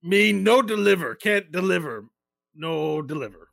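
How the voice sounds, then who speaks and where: A man's voice: high-pitched, animated, unhurried, gravelly, fairly bright tone, no echo, studio quality, voice pushed up, heavily acted. A man voicing a timid male goblin captive who talks in short, broken pidgin phrases. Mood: flustered.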